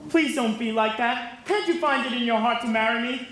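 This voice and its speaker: An earnest, lovesick young groom pleads in a high voice, played by a woman. It rings through a very echoey stage hall. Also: moderate pace, a bit bright, slight background noise, natural voice. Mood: pleading. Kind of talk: stage musical performance.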